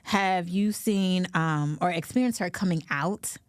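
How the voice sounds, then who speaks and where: A woman's voice: fairly low pitch, measured pace, clean tone, no echo, clean studio sound. A woman hosting a casual radio interview, with frequent encouraging interjections and affirmations. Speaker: radio host.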